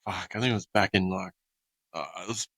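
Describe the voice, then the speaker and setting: Australian podcast host in his thirties, sweary yarn-spinner, bright edge, dry close sound. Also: low-pitched, fairly even intonation, brisk, no room sound. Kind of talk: casual chat.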